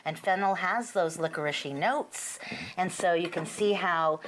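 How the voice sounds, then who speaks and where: A woman's voice: on the low side, unhurried. Bubbly woman cooking show host. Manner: bubbly, enthusiastic, laughs often. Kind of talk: lively cooking show banter. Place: studio kitchen.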